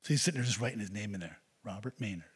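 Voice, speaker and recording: A man's voice: on the low side, rapid-fire, husky. A man preaching a sermon as pastor, earnestly exhorting the congregation.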